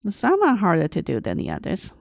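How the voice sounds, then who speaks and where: A woman artist thinking aloud as she draws on a livestream, talking in a deliberately aged, grandma-like voice in short, broken phrases. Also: fairly low pitch, huge pitch swings, vocal fry, a little mellow, dry recording, clean studio sound. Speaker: artist streaming her drawing process. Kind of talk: casual livestream commentary while drawing.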